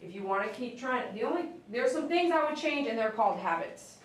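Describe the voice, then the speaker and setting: A woman's voice: a little high, animated, a little fast, slight background noise. A woman dog groomer chatting casually on a live stream as she works, coaxing the dog in a sing-song voice. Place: grooming room. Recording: very echoey room, mic at a distance.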